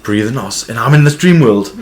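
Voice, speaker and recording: A man co-hosting a casual podcast chat, telling animated stories with lots of swearing and laughter. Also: medium pitch, a little fast. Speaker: podcast co-host.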